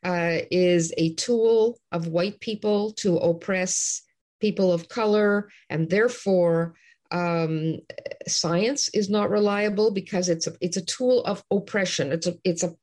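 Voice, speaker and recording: A woman's voice: on the low side, unhurried, a little mellow. A woman from Canada, a guest on an interview show, talking in a passionate, ranting way with many restarts. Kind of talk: animated interview talk.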